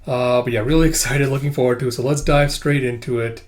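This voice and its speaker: A man's voice: mid-range voice, fairly even intonation, quick pace. Chatty man reading a comic aloud. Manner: chatty, swears, many fillers. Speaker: comic book reader and reviewer. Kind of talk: casual read-along commentary.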